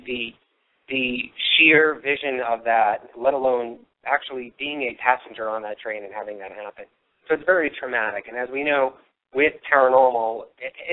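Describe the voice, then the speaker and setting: A man hosting a live paranormal investigation broadcast, telling local history in a rambling way with many fillers, his voice a little worn. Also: mid-range voice. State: losing his voice. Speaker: paranormal radio show host. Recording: tinny phone-line sound.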